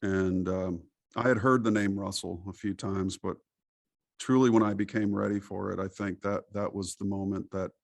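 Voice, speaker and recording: A middle-aged man with a low, gravelly voice talks at length as a podcast guest. He tells stories in an animated, preachy way. The sound is dry and close. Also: normal speed, dry recording. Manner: animated, preachy storytelling with acted quotes. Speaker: interview guest. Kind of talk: casual podcast interview.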